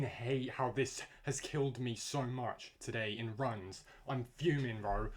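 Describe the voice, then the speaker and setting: A man's voice: mid-range voice, fairly even intonation, measured pace, hardly any pauses. A young man, giving frustrated, swear-filled commentary on his own gameplay. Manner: frustrated, swearing rants to himself. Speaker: gamer. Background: music.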